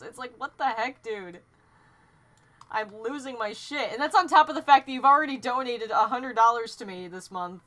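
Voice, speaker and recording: A young woman chats loosely on her home stream while she draws. Her voice sits a little high. She rambles and gets excited, laughs often and stumbles over her own sentences. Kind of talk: casual live-stream chat while drawing.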